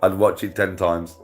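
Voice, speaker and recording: A man's voice: sits low, bright, forceful tone, slight background noise. A man livestreaming casual chat to his viewers, rambling and swearing, with frequent laughter.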